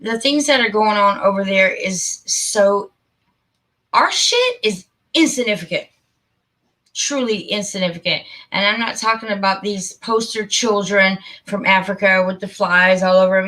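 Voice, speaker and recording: A woman's voice: medium pitch, sharp tone. A middle-aged woman hosting a casual live stream, talking in a heartfelt, rambling and emphatic way. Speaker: channel host.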